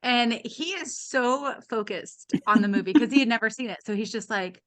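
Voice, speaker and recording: A woman in her late thirties or forties speaks in a mid-range voice at a moderate pace, with a clear, resonant tone and hardly any pauses. A podcast guest, she casually tells a frank, funny personal story, animatedly acting out others' voices with candid, wry humor.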